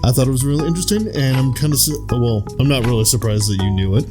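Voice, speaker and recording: Over music, a young man co-hosting a podcast chats casually at a quick pace in a medium-pitched voice. He rambles and swears, now and then slipping into silly impressions.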